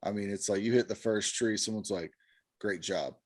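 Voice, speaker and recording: An easygoing male host who chats loosely and lets his sentences trail off. His voice sits fairly low, and the sound is dry and close. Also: little pitch movement, fairly quick, no echo. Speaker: interview host. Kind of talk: casual interview chat.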